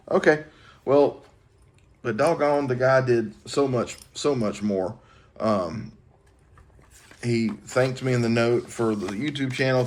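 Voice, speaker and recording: Folksy low-voiced man showing off knives. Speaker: knife collecting channel host. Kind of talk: casual show-and-tell vlog.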